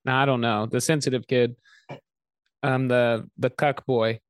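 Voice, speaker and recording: A man's voice: medium pitch, flat delivery, unhurried, clean tone. A young man co-hosting a casual movie review chat, blunt and jokey with crude slang. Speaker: podcast co-host.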